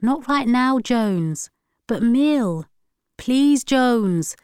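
A woman's voice: on the high side, lively intonation, very slow, a little mellow, clear, resonant tone, no room sound, studio quality, voice pushed up. A woman voicing a cocky, restless teenage boy who leads a gang, brash and dismissive, in a read-aloud story.

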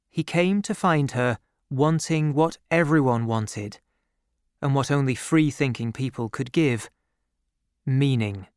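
A man reading a novel aloud as an audiobook narrator, with a measured, even storytelling delivery into a close studio microphone. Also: medium pitch, smooth, no echo.

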